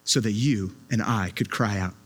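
A man's voice: lowish voice, moderate pace, breathy edge, faint music behind. A man preaching a sermon with an impassioned, emphatic delivery, often repeating his words as he presses a point.

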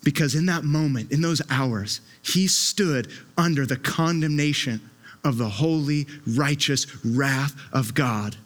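A man delivering a sermon in a somewhat high voice. He preaches with passion and emphasis, doubling back on phrases to drive them home. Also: a bit bright.

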